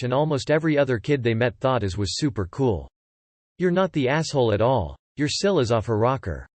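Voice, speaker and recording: A man reading forum posts aloud in steady, matter-of-fact scripted narration. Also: mid-range voice, dry recording.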